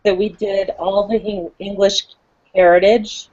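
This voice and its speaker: A woman's voice: medium pitch, little pitch movement, a little slow, darkish tone. Young woman telling candid stories, lo-fi. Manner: candid, storytelling, uses "like" a lot. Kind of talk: casual chat. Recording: dull lo-fi stream audio.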